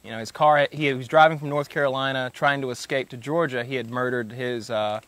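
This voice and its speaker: A man's voice: mid-range voice, steady tone, fairly quick, a bit bright, no room sound. A man hosting a podcast, telling stories in loose, joking casual chat with lots of fillers. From United States. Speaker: podcast host.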